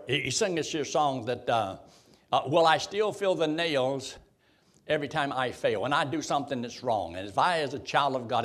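A man's voice: mid-range voice, fairly bright tone. A man teaching a Bible study, reading scripture aloud and putting questions to the group in a folksy way. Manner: folksy, reads King James verses aloud and quizzes the group.

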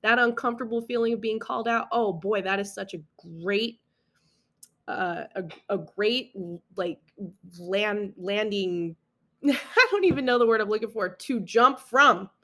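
A woman's voice: medium pitch, a little slow, bright, forceful tone. A young adult woman hosting a casual solo podcast, talking in an earnest, reassuring way with frequent restarts and asides. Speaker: podcast host.

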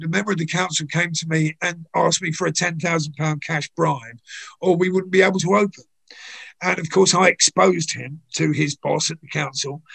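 An older man, a guest in an interview, telling anecdotes in a chatty way full of "you know"s, with a gravelly, husky voice. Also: fairly high pitch, a bit bright. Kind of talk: conversational storytelling.

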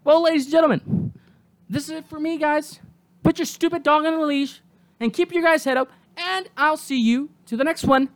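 A podcast host in a solo episode, ranting angrily and swearing constantly, sometimes breaking into shouts. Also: high voice, fairly even intonation, moderate pace. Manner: angry, profane ranting with shouted bursts.

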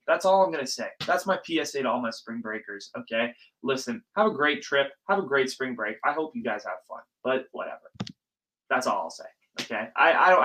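A young man hosting a casual solo podcast, talking in an animated, ranting way and swearing freely. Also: fairly high pitch, poor audio. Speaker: podcast host.

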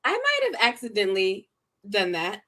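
A woman co-hosting a casual chat, teasing with dry, deadpan remarks. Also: mid-range voice, moderate pace, dry recording. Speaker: co-host.

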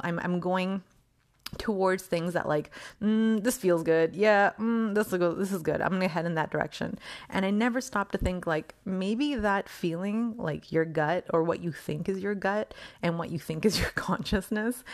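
A woman hosting her own podcast in a casual solo monologue, rambling with many fillers and laughs, acting out her own quoted thoughts. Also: fairly low pitch. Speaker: podcast host.

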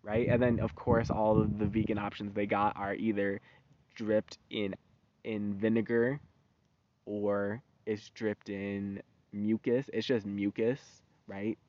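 A man's voice: lowish voice, flat delivery, takes it slowly, no room sound. A man ranting in a casual monologue, heated and slangy, swearing freely. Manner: profane, heated, loose and slangy. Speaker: vlogger. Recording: dull lo-fi recording.

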